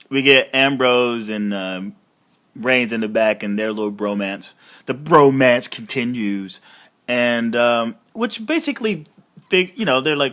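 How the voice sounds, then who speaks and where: A man's voice: mid-range voice, lively intonation, unhurried, fairly bright tone. Rambling, profane man reviewing wrestling. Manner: rambling, profane, many fillers. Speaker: podcast host. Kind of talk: casual wrestling review chat.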